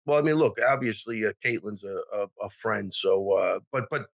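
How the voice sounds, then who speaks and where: A man with a New York accent, a guest on a fight podcast, talking bluntly in a halting way with many restarts and some swearing. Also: lowish voice, vocal fry, no echo. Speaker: guest, MMA coach. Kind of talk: casual sports chat.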